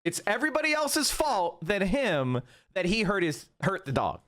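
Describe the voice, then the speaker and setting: A man's voice: high-pitched, huge pitch swings, moderate pace, fairly bright tone. A man hosting a stream, giving heated, mocking reaction commentary full of swearing. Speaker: stream host reacting to clips.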